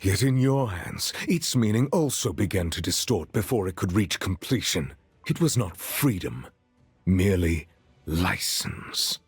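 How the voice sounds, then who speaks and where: An actor playing a stern, contemptuous ancient male cookie commander in a game, speaking solemnly with a deep husky voice. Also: big pitch swings, measured pace, dry recording, faint music behind, full character voice. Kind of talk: game voice acting.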